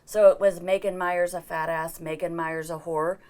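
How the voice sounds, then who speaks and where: A woman's voice: lowish voice, flat delivery, normal speed, a little mellow. A middle-aged woman giving an earnest personal account as an interview guest, acting out the dialogue she quotes.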